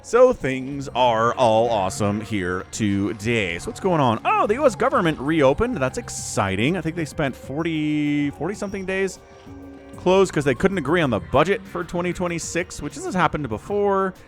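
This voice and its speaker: Male esports caster, animated pitch, casual rambling delivery, soft music bed. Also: normal speed. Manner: chatty, rambling asides, self-correcting. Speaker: game caster. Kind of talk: solo esports commentary.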